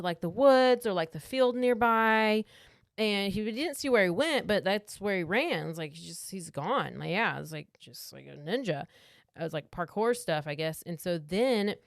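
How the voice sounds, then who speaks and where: A woman's voice: medium pitch, no echo, studio quality. A woman co-hosting a podcast, casually retelling a true crime story with lots of "like" and acted-out quotes. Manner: chatty storytelling, acts out quotes, many "like"s. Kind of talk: casual chat.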